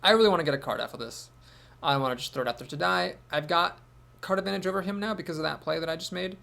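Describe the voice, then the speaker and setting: A man's voice: on the high side, fast, gravelly, pushed and bright. A man thinking aloud as he commentates his own card game, with wry asides. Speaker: gameplay commentator.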